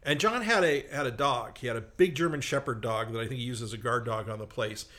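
A man recounts a rambling childhood anecdote, poking fun at himself as he goes. His voice is bright and forward, at a middle pitch. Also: quick pace. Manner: rambling anecdote with self-mocking asides. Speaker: storyteller. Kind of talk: casual storytelling on a comedy talk show.

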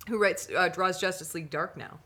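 Casting note: woman podcast co-host, animated storyteller, bright lower-pitched voice, jumps up high for quoted lines. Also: a little fast. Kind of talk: casual chat, animated storytelling.

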